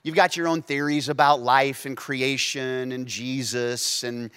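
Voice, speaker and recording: A man preaching a sermon who swings between hushed, intimate moments and loud, emphatic stretches, acting out quotes with playful asides. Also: medium pitch, fairly even intonation, a little slow, clean tone. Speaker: pastor.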